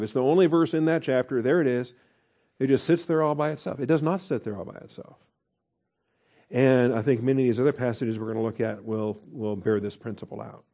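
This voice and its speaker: A man giving an expository Bible teaching, asking rhetorical questions and stressing key words slowly. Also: medium pitch, dark tone.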